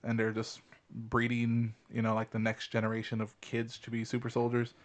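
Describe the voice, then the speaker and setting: A man's voice: medium pitch, completely flat delivery, brisk. A man co-hosting a podcast, speculating in a rambling, casual way with many fillers. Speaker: podcast co-host. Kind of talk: casual chat.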